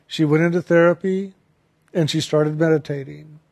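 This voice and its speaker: A man with a fairly high voice shares a personal story in an earnest, reflective way. He slows down to stress the key phrases as he draws a spiritual lesson from it. He talks in an unhurried storytelling manner. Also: fairly even intonation, vocal fry, a little mellow.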